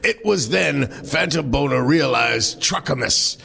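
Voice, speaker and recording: A man hosting a comedy show, reading a crude mock-epic story in a deadpan way. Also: medium pitch, unhurried, creaky, slightly rough, big-room sound. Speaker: host and story reader.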